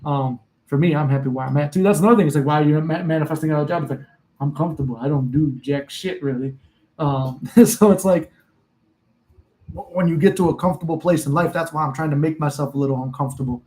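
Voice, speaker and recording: A man's voice: a little high, quick pace, darkish tone, low-quality recording. A young man, a manifestation coach, chatting casually and profanely on a live stream from his home office, rambling and laughing often.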